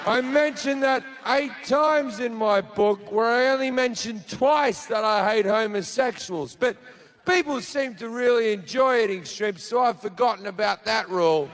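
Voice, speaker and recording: A man's voice: very high voice, a little slow, fairly bright tone. A man performing a profane, storytelling stand-up comedy routine on a theater stage.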